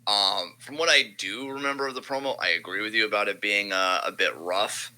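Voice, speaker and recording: A man's voice: fairly low pitch, brisk, bright, forceful tone, poor audio. A man co-hosting a wrestling podcast in casual chat, emphatic and profane, repeating phrases for punch.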